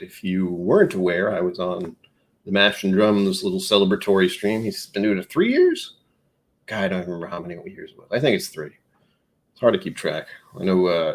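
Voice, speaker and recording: A man hosting a casual whiskey livestream, rambling and joking at his own expense. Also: low voice. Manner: rambling, self-mocking, jokey. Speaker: live streamer.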